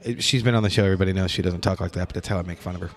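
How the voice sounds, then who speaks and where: A man with a fairly low voice hosts a podcast at a music store drummers' event. He chats casually and jokes as he tells quick stories. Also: fairly even intonation. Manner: joking, chatty storyteller. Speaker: podcast host. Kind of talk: casual chat.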